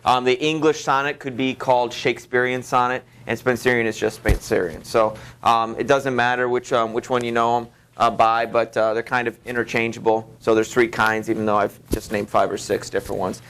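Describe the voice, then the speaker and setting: A man's voice: medium pitch, little pitch movement, fairly quick, few pauses, fairly bright tone, a little hiss or hum. Rambling man teaching a literature class. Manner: rambling, many fillers and restarts. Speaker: high school literature teacher. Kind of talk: classroom lecture.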